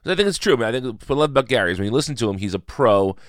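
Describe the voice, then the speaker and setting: A man's voice: mid-range voice, expressive, racing, dry recording, clean studio sound. A man hosting a casual solo podcast, rambling and correcting himself with a chuckle. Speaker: podcast host.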